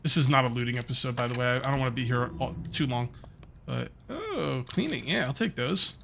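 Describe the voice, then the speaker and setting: A man's voice: medium pitch, lively intonation, brisk, gravelly, noisy background. A middle-aged man giving casual, rambling commentary while playing a survival game, thinking aloud and muttering to himself. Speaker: gaming video host.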